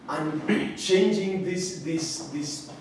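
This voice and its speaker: A man's voice: on the high side, very slow, a little mellow, a little hiss or hum. A man asking a long, hesitant question, restarting often as he searches for words. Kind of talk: conversational question. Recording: echoey room, far from mic.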